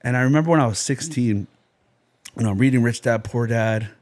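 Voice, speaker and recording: A man from New Jersey talks as a podcast guest, telling his story in an intense, rambling flow. His voice sits in a middle pitch, and he keeps dropping "you know" and "like" as he goes. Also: fairly quick, a little mellow. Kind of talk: personal testimony in a podcast interview.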